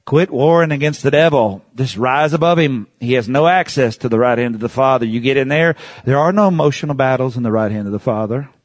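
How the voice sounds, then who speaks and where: A male pastor preaching with a husky, slightly rough voice, recorded close and dry with little room sound. He drops to near-whispers, then climbs to shouted peaks, often breaking into laughter. He calls on the congregation to repeat his words back. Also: mid-range voice, fairly quick, hardly any pauses, no room sound. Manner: swings from hushed asides to shouting, laughs often. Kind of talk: sermon.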